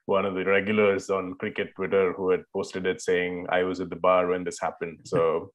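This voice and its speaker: A man's voice: deep voice, monotone, normal speed. A man co-hosting a podcast, telling a story playfully and laughing easily. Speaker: podcast co-host. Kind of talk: casual chat.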